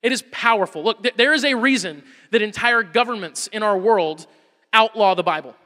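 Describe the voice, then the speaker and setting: A man in his thirties preaches with a high, bright voice that carries through a reverberant hall. He drives his points home with repetition and stumbles over restarts as he builds emphasis. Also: brisk. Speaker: pastor. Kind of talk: sermon.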